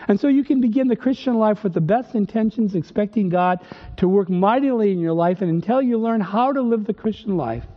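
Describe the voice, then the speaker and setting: A man preaching a sermon, emphatic and full of rhetorical questions, slowing down to stress quoted verses. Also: high-pitched. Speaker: pastor. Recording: dull sound with long reverb.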